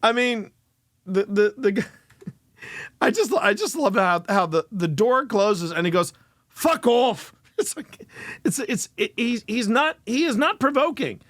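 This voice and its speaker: A male host reacting to clips in casual commentary, animated, laughing often and restarting sentences. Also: sits high, measured pace, no room sound, studio quality.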